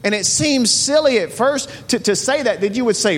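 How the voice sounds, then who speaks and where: A man's voice: high voice, sing-song, moderate pace, hardly any pauses, slightly rough, big-room sound. A man preaching a sermon as pastor, earnest, asking his listeners one rhetorical question after another.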